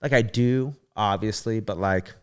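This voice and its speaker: A man in his thirties, a podcast guest, telling a story in a casual, animated way, swearing often and acting out what people said. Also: fairly low pitch, measured pace, clear, resonant tone. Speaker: podcast guest, former gymnast.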